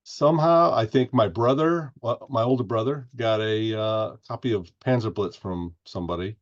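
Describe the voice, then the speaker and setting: A man's voice: medium pitch, normal speed, muffled recording. A man from Indiana, a podcast guest, chatting casually and rambling with many restarts. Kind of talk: casual interview chat.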